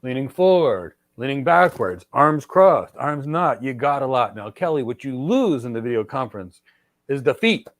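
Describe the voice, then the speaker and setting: A middle-aged man hosts a career show and hands out advice with punchy emphasis, repeating key points and addressing listeners by name. His voice sits at an ordinary pitch. The sound is dry and close, with no room echo. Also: big pitch swings, normal speed. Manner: emphatic, repetitive, lecturing with direct address. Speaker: podcast host and cloud architecture mentor. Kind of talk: energetic advice talk.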